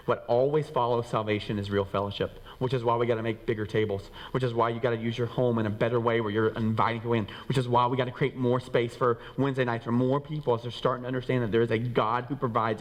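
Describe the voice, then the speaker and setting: A pastor preaching to his congregation at a rapid clip, lively and acting out what people say. His voice carries the long reverb of a church sanctuary. He swings his pitch up and down for emphasis. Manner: animated, acts out quoted voices, rises and drops in pitch. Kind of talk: sermon. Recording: reverberant hall.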